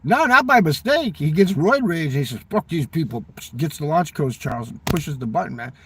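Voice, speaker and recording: Raspy guy ranting about politics, swears a lot, keeps saying man, kinda far off the mic. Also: on the high side, animated, a little fast, dry recording. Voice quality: smoker's rasp. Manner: rambling, profane, ends phrases with "man". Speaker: vlogger. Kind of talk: casual political rant.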